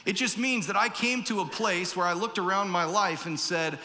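A man's voice: high-pitched, normal speed, few pauses, bright, forceful tone, big-room sound. A pastor giving a conversational sermon in a church, acting out the voices he quotes.

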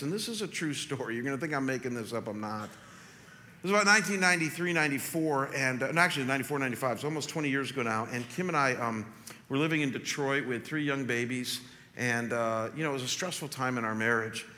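A man in his forties, a pastor, telling a story in a sermon with animated, stammering restarts. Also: fairly high pitch. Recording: long reverb in a large hall.

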